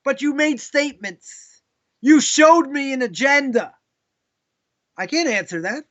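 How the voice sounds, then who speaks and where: A man with a Boston accent teaches a live Torah class as a rabbi, his voice very high and bright. He tells stories and acts out people's questions in quoted voices. The audio is dull and lo-fi, like a live stream. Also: expressive, a little slow, pauses often.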